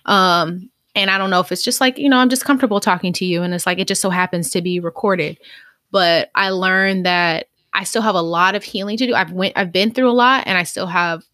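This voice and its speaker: A woman's voice: lowish voice, dry recording. Reflective young woman, dry close sound. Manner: reflective and soft-spoken, pauses to think, gentle laughs. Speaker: podcast co-host. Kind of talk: casual chat.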